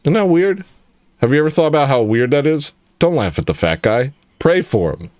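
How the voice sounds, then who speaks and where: A man hosting a casual livestream, rambling from joke to joke as he answers his chat. His pitch swings up and down a lot, and the sound is close and dry with no room echo. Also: big pitch swings, moderate pace, darkish tone. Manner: rambling, joking, reacting to chat. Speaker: livestream host.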